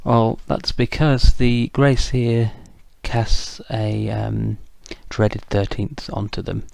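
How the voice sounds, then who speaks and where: A man's voice: medium pitch, little pitch movement, slow pace, vocal fry, darkish tone, dry recording. A man casually narrating a tabletop wargame battle report, chatty and self-deprecating, with frequent ums. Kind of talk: casual game recap narration.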